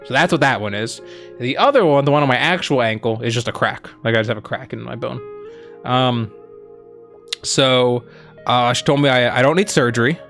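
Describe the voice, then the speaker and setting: A man chatting on a livestream with an ordinary mid-range voice, spinning a rambling anecdote full of "like" and "um". He slips into quick imitations of the people in his story, and soft guitar music plays faintly behind him. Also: mid-range voice. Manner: rambling, many fillers and "like"; animated retelling, quoting others. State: injured foot, on crutches. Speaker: streamer co-host. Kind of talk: casual storytelling chat.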